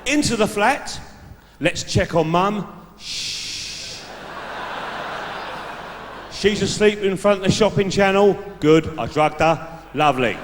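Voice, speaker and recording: A stand-up comedian on a large live venue stage plays a brash, laddish bloke handing out dating tips to the audience. His voice sits high with lively intonation, a slow pace, and long pauses, and there's background noise. The sound is an echoey hall picked up by the stage mic.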